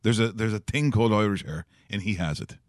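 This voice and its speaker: A male sports talk host with a low voice, rambling through casual banter with plenty of fillers, restarts and easy laughs. He was recorded close and dry in a studio. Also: brisk, no room sound.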